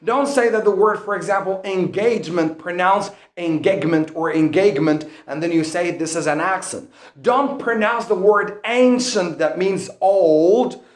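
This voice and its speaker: A man teaching an online English lesson in an earnest, instructive way, whose first language is Arabic. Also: on the high side. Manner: earnest, instructive, slow deliberate explanations. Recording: roomy echo.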